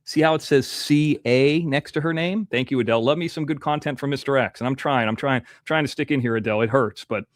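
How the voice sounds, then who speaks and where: A man's voice: mid-range voice, brisk, hardly any pauses, no echo, clean studio sound. A man hosting a casual livestream, rambling as he reads out viewer donations while nursing a toothache. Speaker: livestream host.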